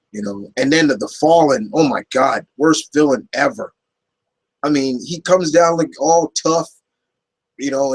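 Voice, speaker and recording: A man chats loosely through viewer questions, looping back on himself with plenty of "um" and "you know". His voice is mid-pitched and a little husky. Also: rough recording. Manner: rambling, many fillers and restarts. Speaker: YouTube Q&A host. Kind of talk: casual Q&A chat.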